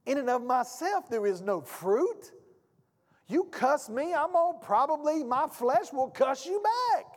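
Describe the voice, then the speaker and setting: A man preaching a sermon as pastor, with a call-and-response delivery that swings from hushed to shouting. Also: very high-pitched, big pitch swings, a little slow. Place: church sanctuary. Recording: long hall reverb.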